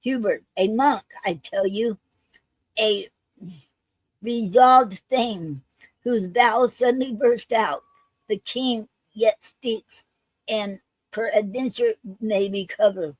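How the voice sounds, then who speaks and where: A woman reading the part of a male soldier bringing grim news at night, in a plain, measured voice. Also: mid-range voice, no echo, poor audio. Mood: grave.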